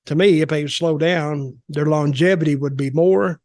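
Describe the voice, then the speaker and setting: A man's voice: a little high, moderate pace, a little mellow, dry recording. An older man hosting a podcast, telling stories in a rambling, folksy way with colloquial grammar. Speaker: podcast host. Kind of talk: storytelling interview.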